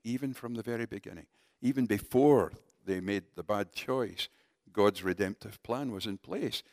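A man preaching a sermon in a conversational, animated way, talking directly to his congregation. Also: lowish voice, no echo, studio quality.

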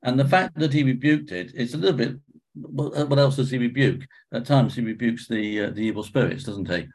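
A man leading a Bible study group discussion, talking with frequent ums, restarts and throat-clearing. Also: mid-range voice, a little fast, a little mellow.

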